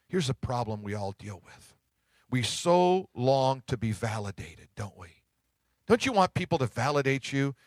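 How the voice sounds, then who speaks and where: A middle-aged man pastor giving a sermon, telling stories in a conversational way and dropping to hushed tones at tender moments. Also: high voice, dry recording. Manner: conversational storytelling preaching, drops to hushed tones.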